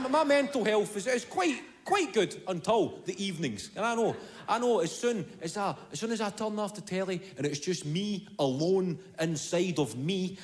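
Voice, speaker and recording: High-voiced, sweary Scottish comedian. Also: male voice. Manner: animated, profane storytelling. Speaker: stand-up comedian. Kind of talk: stand-up comedy.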